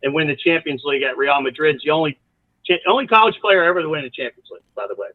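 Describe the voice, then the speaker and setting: A man's voice: fairly high pitch, very fast, no echo. A man, a college soccer coach, telling long rambling stories with asides as a podcast guest. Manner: animated, rambling storyteller with many asides. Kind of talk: storytelling in a podcast interview. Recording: tinny phone-like line.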